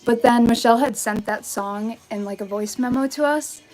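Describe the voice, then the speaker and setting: Speaking in a slightly high, darkish voice at a moderate pace, a young vintage fashion YouTuber answers questions during a casual live stream. She's cheerful and peppers her talk with likes and ums, phone held out at arm's length in her bedroom beside a vanity. The recording is rough, and faint music plays in the background.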